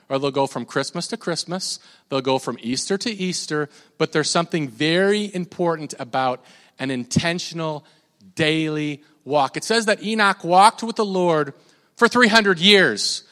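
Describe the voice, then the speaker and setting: A man's voice: a little high, moderate pace, fairly bright tone. A man preaching a casual, conversational sermon, stumbling over repeated words and moving into prayer. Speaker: pastor. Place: church hall. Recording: long reverb of a hall.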